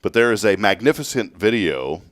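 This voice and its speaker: A man's voice: lowish voice, big pitch swings, moderate pace, no echo, clean studio sound. A man hosting a morning show, chatting casually, joking and rambling with frequent restarts. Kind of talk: casual chat.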